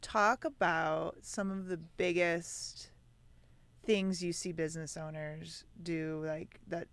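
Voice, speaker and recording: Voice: medium pitch, steady tone, takes it slowly, a bit bright, clean tone, no echo. Conversational interview host, clean resonant voice, dry recording. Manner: conversational, asks questions with a friendly push. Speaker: podcast host. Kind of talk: casual podcast interview.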